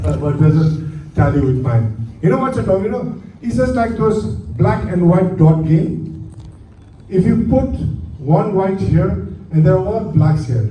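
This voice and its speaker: A man giving an aviation lecture to a class, lively and full of rhetorical questions. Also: on the high side. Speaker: aviation instructor. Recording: echoey room from far off, faint hum.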